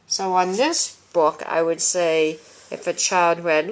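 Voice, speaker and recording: A woman speaks in a lower register at an unhurried, measured pace as she explains reading instruction methods. She breaks off to read children's book lines aloud as examples, teacher to student. It is recorded on a small handheld video camera. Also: fairly even intonation. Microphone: handheld consumer video camera.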